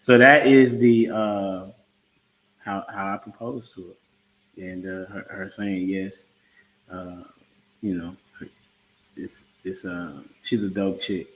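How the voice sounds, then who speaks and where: A man in his thirties hosting a casual livestream chat, telling a story in a laid-back, halting way with lots of fillers. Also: deep voice, fairly even intonation, slight background noise, poor audio. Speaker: podcast host.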